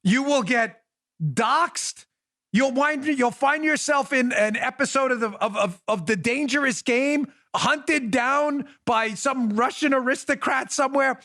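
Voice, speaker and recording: A man's voice: extremely high pitch, unhurried, sharp tone, no echo. A man in his forties hosting a political talk show, riffing in sarcastic mock pleas with lots of restarts, into a studio microphone. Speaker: podcast host.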